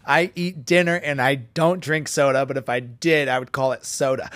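A man with a New England accent hosts a relaxed podcast chat in a gym, his voice sitting a bit high. he jokes and teases his guest in a lively way, and the mic sound is dry and close, with no room echo. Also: a little slow. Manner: joking, teasing, animated. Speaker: podcast host. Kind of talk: casual podcast interview. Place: fitness gym.

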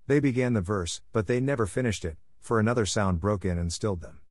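Male audiobook narrator, low voice, expressive measured storybook read, dry close mic. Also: no echo.

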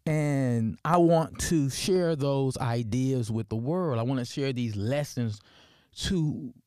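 A man from Memphis with a Deep South accent, hosting a personal podcast and telling stories with many fillers and restarts. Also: takes it slowly, dark tone, smooth, no room sound, studio quality. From Memphis, Tennessee. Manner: storytelling, many fillers and restarts, asks "right?". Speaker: podcast host.

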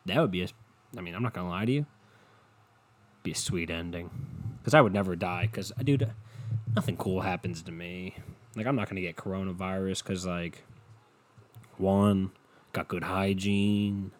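Profane rambling man with a low voice. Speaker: podcast host. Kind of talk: casual solo podcast rant. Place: at home.

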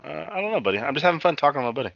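A man's voice: on the high side, very fast, gravelly, dry recording, muffled recording. A man co-hosting a casual podcast about a movie, swearing freely and acting out lines from scenes. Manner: animated, swearing, acts out quotes. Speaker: podcast co-host.

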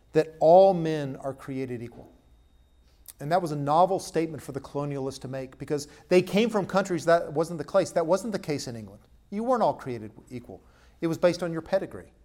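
Pastor guy preaching, bit higher voice, goes loud and punchy then drops real quiet. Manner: emphatic, shifts between loud punchy stresses and low soft asides. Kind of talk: sermon.

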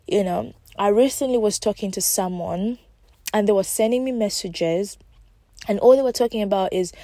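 A woman talks alone on her podcast, coaching her listeners and returning to the same reassuring points again and again. Her voice is soft and mellow at a middling pitch. The sound is dry and close, with no room around it. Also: no echo. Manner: encouraging, repetitive, speaks directly to listeners. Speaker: podcast host and life coach. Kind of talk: casual solo podcast talk.

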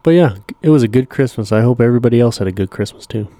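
A man's voice: mid-range voice, lively intonation, racing, dark tone, dry recording. A man co-hosting a casual podcast chat, easygoing and upbeat, swearing casually. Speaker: podcast co-host.

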